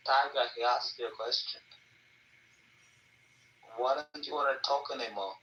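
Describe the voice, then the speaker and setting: A man's voice: medium pitch, moderate pace, pushed and bright, echoey room, distant mic, lo-fi sound, slight background noise. A man arguing heatedly in an online voice chat, hurling insults and repeating the same taunts. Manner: aggressive, insulting, repetitive taunting.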